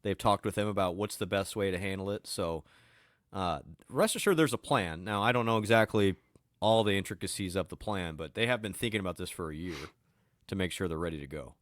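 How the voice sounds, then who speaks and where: Man, lowish voice, upbeat teasing sports podcast co-host, casual chat, dry close sound. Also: dry recording. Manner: upbeat, teasing, quick asides. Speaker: podcast co-host, team beat reporter.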